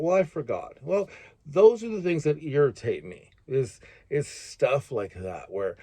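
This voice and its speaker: Earnest, emphatic father with a lively voice. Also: on the high side, no echo. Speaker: father giving life advice, channel host. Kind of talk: casual advice monologue to camera.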